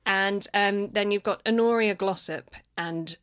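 A woman's voice: mid-range voice, unhurried, fairly bright tone, smooth. A woman talking casually and enthusiastically about comic novels in a book discussion.

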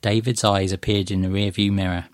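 A man reading a first-person short story aloud in a gentle, measured way. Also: fairly low pitch, flat delivery, no echo, studio quality. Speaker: narrator.

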